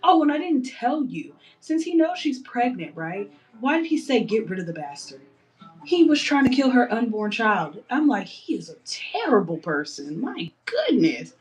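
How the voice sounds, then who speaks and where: Painting her nails on stream, a young woman casually recounts a story in a chatty, animated way, full of playful outrage. Her voice is a little high and her pace moderate.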